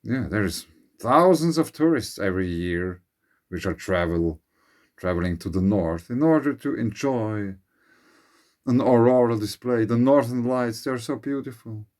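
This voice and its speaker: A man with a Finnish accent, speculating in a slow, musing monologue as host of his channel, his English phrasing a little uneven. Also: mid-range voice, expressive, a little mellow.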